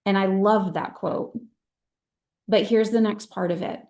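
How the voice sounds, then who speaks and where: A woman's voice: mid-range voice, fairly even intonation, measured pace, dark tone. A middle-aged woman leading her sales team on a video call, speaking in an earnest, emphatic and heartfelt way. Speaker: direct-sales team leader.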